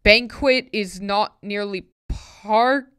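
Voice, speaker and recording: A woman's voice: medium pitch, slow pace, a bit bright, smooth, no room sound, studio quality. A woman vlogger reading a tricky pronunciation poem aloud, word by word, with puzzled, self-mocking asides in between.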